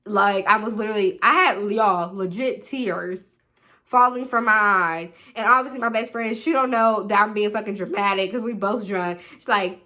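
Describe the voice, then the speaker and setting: A young woman telling a dramatic storytime on her vlog, animated and leaning on "literally" and "like". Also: medium pitch, a little fast. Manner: animated, dramatic retelling with put-on quoted voices; repeats "literally" and "like" constantly. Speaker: vlogger.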